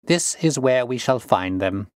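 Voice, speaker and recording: Storybook detective, calm and assured, deliberate delivery, voiced by a man. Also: medium pitch, no echo, studio quality, lightly acted. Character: calm, confident male detective.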